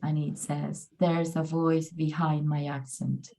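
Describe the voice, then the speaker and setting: A Peruvian woman with a low, dark voice speaks slowly and flatly while presenting a pronunciation workshop over a video call. Her online presentation is upbeat and encouraging, and she often says "amazing" and "brilliant."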